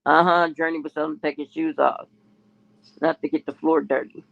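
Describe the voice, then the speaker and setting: Guy spilling tea on a podcast, kinda high gravelly voice, muffled audio, rambles a lot. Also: flat delivery, fairly quick. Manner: rambling, restarts often, quotes others in a raised voice. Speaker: podcast co-host. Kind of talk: casual gossip storytelling.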